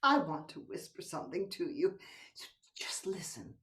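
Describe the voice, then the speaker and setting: A woman's voice: mid-range voice, very animated, slow pace, distant mic. An older woman playing a teasing, coaxing wife. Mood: seductive. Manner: coaxing, teasing, drops to whispers. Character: playful, flirtatious wife coaxing her husband. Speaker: actor in a play. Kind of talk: stage play acted over video call. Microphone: computer mic on a video call.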